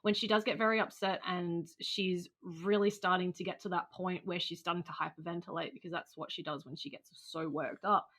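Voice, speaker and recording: A woman's voice: lowish voice, fairly even intonation, fairly quick, hardly any pauses, fairly bright tone. A woman hosting a podcast, chatting casually about parenting and laughing easily between points. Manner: chatty, laughs often, trails off with "kind of thing". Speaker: podcast host. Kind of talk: casual conversation.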